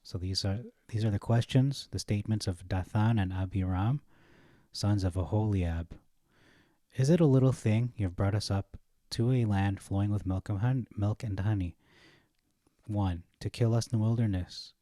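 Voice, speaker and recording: A man reading Bible verses aloud and commenting on them, thinking aloud, correcting himself and pausing on fillers. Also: on the low side, warm tone, dry recording, studio quality. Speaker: Bible study teacher.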